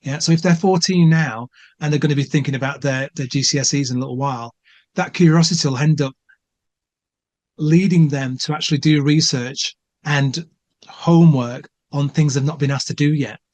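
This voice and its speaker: A man's voice: fairly high pitch, normal speed, darkish tone. A man co-hosting a podcast. He speaks with plain enthusiasm and often stumbles and repeats words as he gathers his thoughts. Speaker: podcast co-host. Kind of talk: casual chat.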